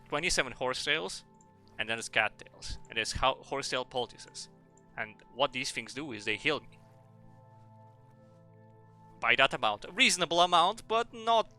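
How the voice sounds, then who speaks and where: A Russian man with a mixed Russian, French and English accent chats playfully while streaming a game, rambling with bursts of excitement. It's casual gameplay commentary in a mid-range voice.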